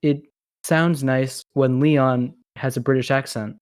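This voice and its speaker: A man's voice: medium pitch, steady tone, slow pace, a little mellow, no echo, studio quality. A man co-hosting a podcast in casual chat, rambling and laughing often. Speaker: podcast co-host.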